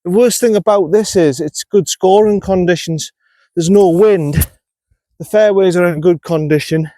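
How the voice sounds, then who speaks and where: Here a man from North East England films his outdoor golf round, coaching himself through shots while getting irritated and self-critical. His warm voice sits high and he takes his time, on a dry recording.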